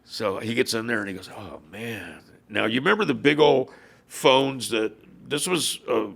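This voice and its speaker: Older man with a very gravelly voice. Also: medium pitch, lively intonation, moderate pace, a bit bright. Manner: rambling anecdotes with filler words. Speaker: guest, former biker club leader. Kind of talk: casual storytelling conversation. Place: his home.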